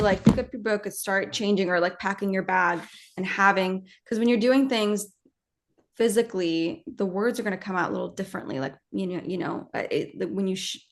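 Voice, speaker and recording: A woman actress talking casually in an interview, animated and rambling, with many fillers and restarts. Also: medium pitch.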